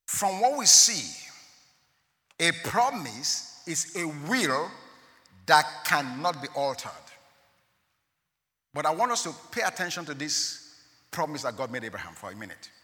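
A man delivers a sermon in a high, very bright voice. His delivery is animated, leaping between loud emphatic rises and quiet drops. The sound carries a long hall echo. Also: a little slow, pauses often. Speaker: preacher.

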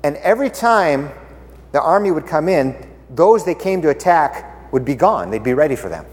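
A man's voice: a little high, very animated, normal speed, a little mellow, long reverb tail. A man preaching a casual, conversational sermon, playful and full of rhetorical questions, acting out the characters as he retells Bible stories.

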